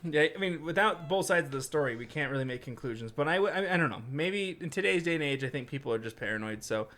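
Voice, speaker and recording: With lively intonation and a quick pace, a young male podcast co-host reads scary stories and chats casually, cracking jokes and mimicking quoted people in silly voices. His voice is a little high and a bit bright.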